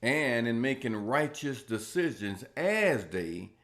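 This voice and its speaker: A man teaching a church Bible lesson, often repeating and restarting words and growing louder when he reads scripture. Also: medium pitch, expressive, takes it slowly. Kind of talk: Sunday school Bible lesson.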